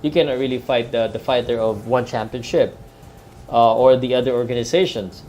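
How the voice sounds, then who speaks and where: A man from the Philippines chats loosely about fight sports on a live stream, full of fillers and restarts. His pitch sits in the middle range, and a faint noise runs underneath. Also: fairly quick, darkish tone. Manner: chatty, rambling, with many fillers and restarts. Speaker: boxing commentator. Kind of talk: live fight-night talk.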